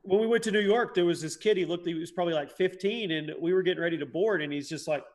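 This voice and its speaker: A man co-hosting a comedy podcast, telling quick anecdotes in a chatty way with restarts. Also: high voice. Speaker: podcast co-host. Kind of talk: casual comedy podcast chat.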